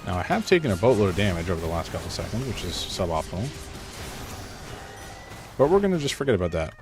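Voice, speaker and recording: A man streaming a video game, chatting and joking as he thinks out loud about his choices. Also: deep voice, sing-song, quick pace, over music. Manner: chatty, joking, thinks aloud while playing. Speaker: gaming streamer. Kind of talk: casual live gameplay commentary.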